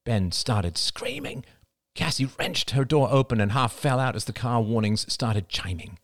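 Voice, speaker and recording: A man narrating an audiobook chapter in a lively, expressive reading. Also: medium pitch, unhurried, no echo, studio quality.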